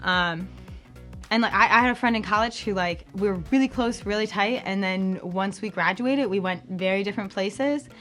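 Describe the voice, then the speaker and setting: A young adult woman hosting a campus ministry podcast in a chatty, bubbly way, full of fillers and with high-pitched quoted voices. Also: moderate pace, a bit bright, soft background music. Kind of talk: casual chat.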